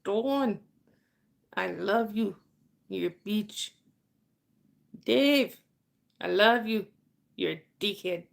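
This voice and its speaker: Brief: a woman doing a blunt, affectionate Irish-accented man, gravelly edge. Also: mid-range voice, animated, drawn-out words, long pauses, fairly bright tone, exaggerated voice. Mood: teasing. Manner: playful mock-gruff impression.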